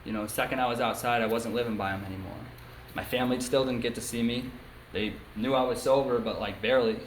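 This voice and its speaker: A young man's candid recovery-meeting testimony comes in a medium-pitched, steady voice at a fast clip, loaded with ums and likes. He's from upstate New York, and the recording, made in a meeting room, is echoey with faint hiss.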